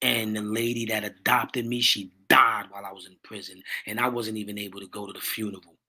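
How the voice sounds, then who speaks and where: A man hosting his own livestream, talking with passion in a preachy way, repeating catchphrases and rising to near-shouts. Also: lowish voice, level tone, fairly quick, slightly rough. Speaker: livestream host. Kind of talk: impassioned livestream talk.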